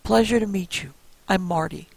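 A man voicing a large, gruff old man who barks his lines loudly. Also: sits high, normal speed, no echo. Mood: cordial. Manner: loud, barking.

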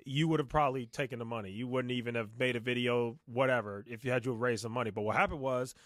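A man's voice: medium pitch, steady tone, fast talker, a bit bright, no room sound. Blunt mocking man, dry close sound. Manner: blunt, mocking, quotes others in a sneering tone. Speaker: streamer. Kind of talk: casual reaction commentary.

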